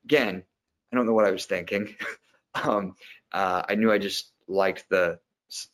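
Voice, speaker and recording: Deep-voiced actor musing at length. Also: male voice, measured pace, a bit bright. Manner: reflective, explains at length. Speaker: actor, interview guest. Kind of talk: conversational interview answer.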